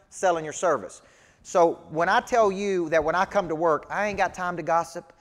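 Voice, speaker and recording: Southern male business coach, punchy and folksy, slightly high pitch, long hall reverb. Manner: emphatic, folksy, rhetorical questions. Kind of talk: motivational seminar teaching.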